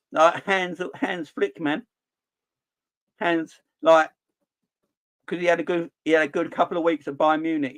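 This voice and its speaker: A young man hosting a fan livestream in casual, jokey, blunt chat. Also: fairly high pitch. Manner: animated, jokey, blunt slang. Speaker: fan channel host.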